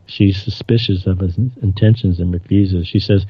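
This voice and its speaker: A man casually recapping television episodes, hesitant and stopping to restart. His voice is low and gravelly. The recording is dry and dull. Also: fairly even intonation, normal speed, few pauses, dry recording. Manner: hesitant, with fillers and restarts, reading dialogue aloud. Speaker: presenter recounting TV episodes.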